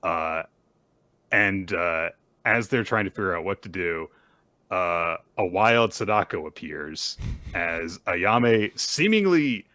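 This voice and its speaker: Male co-host, lowish bright voice, animated storyteller, dry close sound. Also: takes it slowly, dry recording. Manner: animated retelling, jumps high when quoting characters. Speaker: podcast co-host. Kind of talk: casual recap chat.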